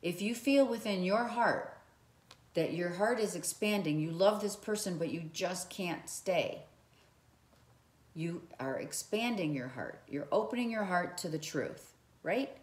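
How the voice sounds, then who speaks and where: In a reverberant room, a woman with a voice on the low side speaks at a measured pace. As a relationship advice vlogger, she offers earnest motivation straight to the viewer, frequently repeating herself.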